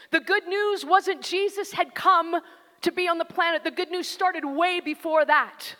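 High-voiced woman preaching in a reverberant hall. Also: pushed and bright. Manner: conversational, emphatic preaching that addresses the listeners directly. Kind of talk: sermon.

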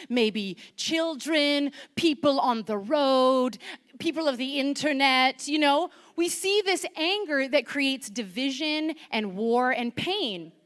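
Woman preacher, high voice, animated delivery, chatty, questions to the congregation. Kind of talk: sermon. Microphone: microphone to a congregation.

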